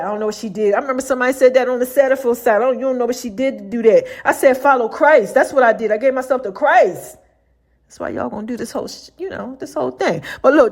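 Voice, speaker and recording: Woman host, casual preaching monologue, slightly high voice, talks straight to listeners. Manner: informal, chatty, talks to listeners directly with y'all. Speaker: podcast host.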